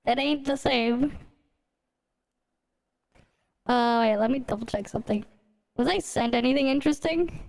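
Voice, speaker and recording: A woman's voice: on the high side, fairly quick, a little mellow. A woman streaming and reacting to videos in a giggly, loose, unfiltered way. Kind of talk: casual reaction stream chat.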